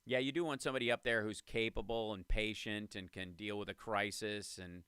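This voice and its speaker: A man's voice: on the low side, steady tone, a little fast, pushed and bright, clean tone, no echo, studio quality. Sarcastic man riffing over a clip. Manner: sarcastic, interrupting with jokes. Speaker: host. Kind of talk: comedic political commentary.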